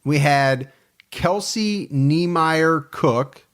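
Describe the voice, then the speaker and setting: Male co-host, slightly higher voice, easygoing, reads listener names with banter. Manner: chatty, reads names with quick asides. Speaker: podcast host. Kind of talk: casual chat.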